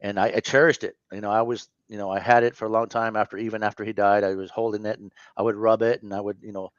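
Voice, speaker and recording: A man in his fifties recounts his own story as an interview guest, earnest and candid, often stopping to correct himself. His voice sits low. The recording is dry, with a dull, lo-fi sound. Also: little pitch movement, no echo. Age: 50s. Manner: earnest and candid, halting with frequent self-corrections.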